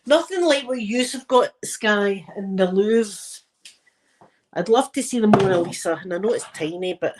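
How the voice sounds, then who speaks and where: A woman's voice: mid-range voice, lively intonation, normal speed, noisy background. A woman with a Scottish accent chatting casually with her viewers from her living room, telling stories and laughing often. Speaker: live chat host.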